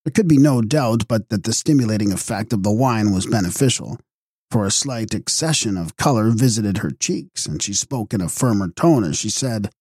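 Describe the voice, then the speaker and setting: A man reading a gothic horror novel aloud, measured and dramatic. His voice is dark and husky, captured close with a dry sound. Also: fairly low pitch, lively intonation, no echo. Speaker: audiobook narrator. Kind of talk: scripted narration.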